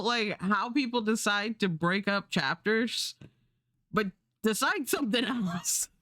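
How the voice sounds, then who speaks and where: A woman's voice: a little high, a bit bright, no echo, studio quality. A young adult woman streaming, chatting casually and rambling while she draws, swearing now and then.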